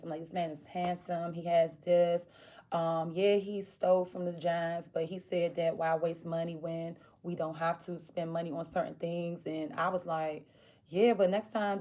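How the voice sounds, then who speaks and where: Mellow-voiced woman telling a story. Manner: animated, acts out quoted voices with big pitch jumps. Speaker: vlogger telling a personal story. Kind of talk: casual storytelling.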